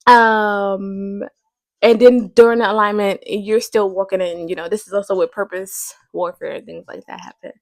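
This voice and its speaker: A woman's voice: mid-range voice, fairly even intonation, moderate pace, no echo. Rambling woman podcaster in a dry room. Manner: rambling, thinking aloud with many fillers. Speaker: podcast host. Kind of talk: casual faith talk.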